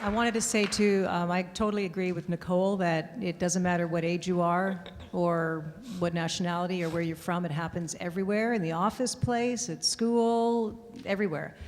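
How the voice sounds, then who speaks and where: A woman's voice: fairly low pitch, steady tone, moderate pace, hardly any pauses, a little hiss or hum. A woman on a convention panel answering thoughtfully and earnestly, recorded in a reverberant hall. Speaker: voice actress on a panel.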